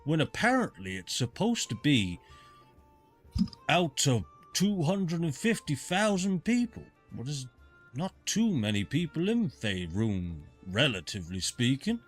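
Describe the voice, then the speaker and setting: A man's voice: on the high side, very animated, soft background music, voice pushed up. A huge, ancient bugbear barkeep talks in a teasing, sing-song way, stretching out his punchlines. His voice swings widely and sits raised above an everyday man's, as a game master puts him on. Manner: jokey, sing-song, drawn-out emphasis.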